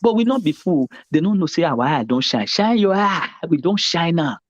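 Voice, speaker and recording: A man's voice: fairly high pitch, big pitch swings, fairly quick, no echo, dull audio. A Nigerian man giving emphatic, exclamatory commentary as a panelist in pidgin, preaching his points.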